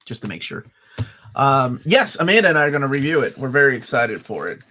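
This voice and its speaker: A man from Peru co-hosts a relaxed live stream. He talks in an animated way with a middle-pitched voice that rises and falls a lot, and he laughs easily while riffing on viewers' comments. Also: fairly quick. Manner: animated, laughs often, jumps between chat comments. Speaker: co-host. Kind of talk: casual live-stream chat.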